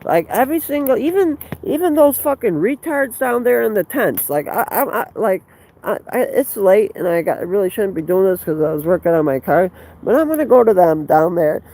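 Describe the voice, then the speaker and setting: A man's voice: sits high, lively intonation, fairly quick, gravelly, dark tone, poor audio. A man livestreaming outdoors on a handheld phone, rambling in an agitated, profane way with stumbling restarts. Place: outdoors by a fenced facility.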